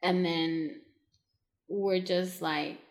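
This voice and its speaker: A woman's voice: lowish voice, drawn-out words. A young woman co-hosting a casual chat, talking in long rambling runs full of "like" and acting out what other people said. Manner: rambling, filler-heavy, animated quoting of others.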